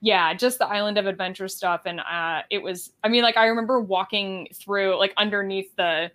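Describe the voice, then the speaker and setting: A woman's voice: medium pitch, normal speed, a bit bright. Young woman, podcast guest, casual chat, chatty, filler-heavy, mid-range voice. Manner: chatty, filler-heavy with frequent likes and ums.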